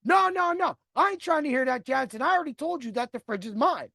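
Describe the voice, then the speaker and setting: A man's voice: very high-pitched, lively intonation, fast, creaky, bright, forceful tone, dry recording, clean studio sound, voice pushed up, heavily acted. A man voicing a pushy older male customer who insists on his demands and talks over others. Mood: indignant.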